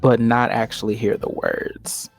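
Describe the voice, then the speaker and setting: A player in a tabletop role-play game, answering questions in a calm, reflective way. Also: mid-range voice, measured pace, gravelly, soft background music. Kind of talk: casual in-character game talk.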